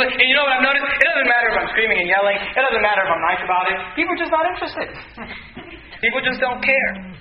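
A man preaching a sermon as pastor, talking casually and then rising to shouts. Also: extremely high pitch, animated, quick pace, reverberant, distant mic, dull audio, slight background noise. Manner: conversational preaching that rises to shouting.

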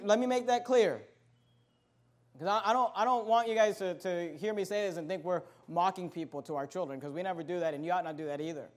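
A man with a very high voice delivers a sermon to his church. He moves between calm, plain teaching and loud, emphatic peaks of preaching. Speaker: pastor.

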